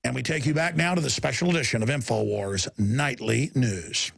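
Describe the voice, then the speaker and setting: Gravelly emphatic male talk host. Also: mid-range voice, moderate pace. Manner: emphatic, repetitive, self-interrupting. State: tired. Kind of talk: rambling political commentary.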